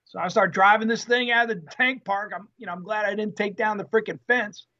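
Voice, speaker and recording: A former Marine telling an animated story in an interview, acting out the quotes with salty language. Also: male voice, high-pitched, a little fast, lo-fi sound. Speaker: guest, former Marine tank driver.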